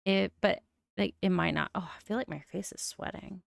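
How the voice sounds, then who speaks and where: A woman's voice: mid-range voice, steady tone, moderate pace, creaky, no room sound, studio quality. A young adult woman with a mild lisp, streaming and musing aloud as she builds in a game, with frequent oohs. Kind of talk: casual game-building commentary.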